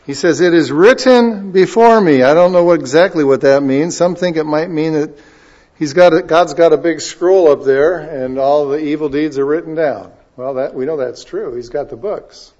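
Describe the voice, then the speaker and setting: A man's voice: fairly high pitch, normal speed. Emphatic preacher man, lo-fi recording. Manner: swings from quiet asides to loud emphatic scripture reading. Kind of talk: sermon. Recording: dull lo-fi sound.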